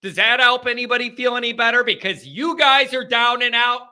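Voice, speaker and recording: A man's voice: very high-pitched, brisk, pushed and bright, clean tone. A man hosting a live fan call-in show, venting his frustration and firing rhetorical questions at the chat.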